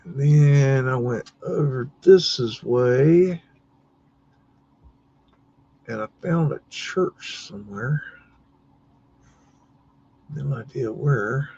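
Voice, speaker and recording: A man's voice: mid-range voice, drawn-out words, pauses often, mellow, husky, muffled recording. A man hosting a live stream, chatting casually and rambling as he looks at buildings, muttering and swearing now and then. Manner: rambling, muttering, mildly cursing. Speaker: livestream host.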